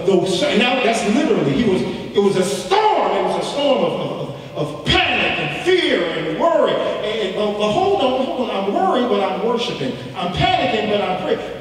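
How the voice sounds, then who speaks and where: A male pastor preaching a sermon, swinging from soft asides to shouts and repeating phrases for emphasis. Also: high voice. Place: church sanctuary. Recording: echoey church hall, distant mic.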